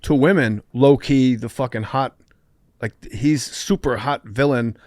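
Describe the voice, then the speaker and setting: A male podcast host tells animated stories with crude humor. His pitch sits in the middle range, and the studio sound is close and dry. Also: a little slow, no echo. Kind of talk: casual chat.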